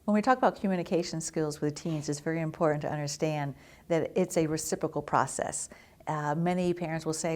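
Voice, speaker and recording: A woman's voice: sits low, fairly even intonation, a little fast, darkish tone. A middle-aged woman, a family therapist, explaining to parents in an earnest, instructive way. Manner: earnest, explanatory, acts out children's quotes. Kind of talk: educational talk to parents.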